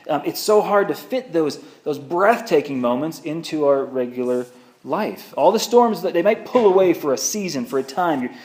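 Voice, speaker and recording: A man preaching a sermon as pastor, telling the story in a conversational, animated way. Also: on the high side, moderate pace. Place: church sanctuary. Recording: echoey church room.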